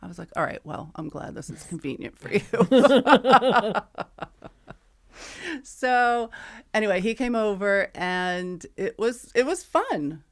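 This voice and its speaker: Telling a story on the podcast she co-hosts, a middle-aged woman keeps things chatty and casual, re-enacting texts and dialogue with frequent laughter. She speaks slowly in a mid-range voice with lively intonation.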